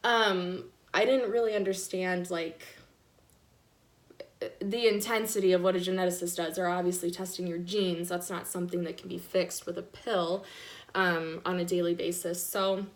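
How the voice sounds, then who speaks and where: A woman's voice: on the low side, little pitch movement, moderate pace. A young woman in her twenties tearfully telling her son's diagnosis story, casual and candid, with many fillers. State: tearful, apologizing for crying. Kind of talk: emotional personal storytelling. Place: live stream.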